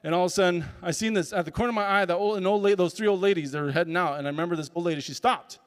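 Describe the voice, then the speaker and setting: A man's voice: high voice, very fast, smooth. A man, a speaker and comedian, telling a personal story at a summit and acting out the dialogue with animation. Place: large conference hall. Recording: long hall reverb.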